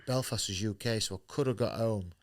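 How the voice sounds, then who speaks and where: A fairly low, brisk male voice belongs to a professional boxer guesting on a podcast. He tells his story without sugarcoating, swears freely, and voices the lines people said to him.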